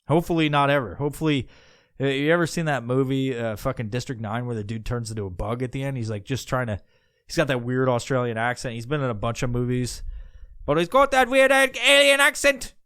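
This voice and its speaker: A man's voice: mid-range voice, steady tone, fast talker, clean tone, dry recording, clean studio sound. Rambling, profane podcast man. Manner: rambling, profane, with many restarts. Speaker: podcast host. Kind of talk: casual rambling monologue.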